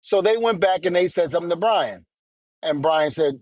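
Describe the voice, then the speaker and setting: A middle-aged man rants his way through a story, blunt and cursing as he plays out each exchange. His voice sits a little high for a man. The sound is dry and close. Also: expressive, normal speed, dry recording. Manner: angry, blunt, curses, quotes people. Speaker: podcast co-host. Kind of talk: heated storytelling rant.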